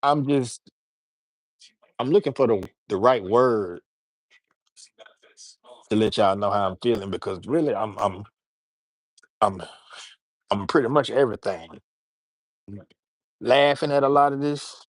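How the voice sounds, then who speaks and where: A man's voice: medium pitch, unhurried, pauses often, dry recording. A man hosting a casual livestream, rambling loosely and talking straight to his chat. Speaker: livestream host.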